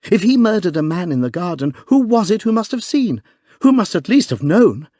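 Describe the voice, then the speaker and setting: A man reading aloud, voicing a courageous young Scottish noblewoman with a clear, quivering voice. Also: high-pitched, big pitch swings, brisk, a little mellow, dry recording, clean studio sound, pitched above the performer's own voice. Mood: fierce, accusing.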